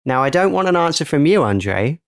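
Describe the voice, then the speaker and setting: A man's voice: fairly high pitch, big pitch swings, a little fast, no echo, clean studio sound. A man co-hosting a podcast in casual, playful, joking chat. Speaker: podcast co-host.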